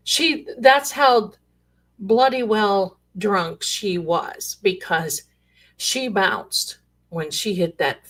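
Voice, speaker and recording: Slow-talking woman telling stories. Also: medium pitch. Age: middle-aged. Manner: animated, rambling, exclamatory. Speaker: storyteller sharing paranormal stories. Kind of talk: casual storytelling.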